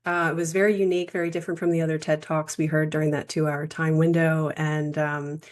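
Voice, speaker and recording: Earnest low-voiced woman host. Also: flat delivery, fast talker. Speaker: podcast host. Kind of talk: interview hosting.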